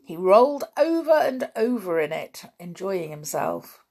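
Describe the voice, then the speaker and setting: A woman reading a children's storybook aloud as narrator, unhurried and gently expressive. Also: mid-range voice, vocal fry, breathy edge. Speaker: audiobook reader.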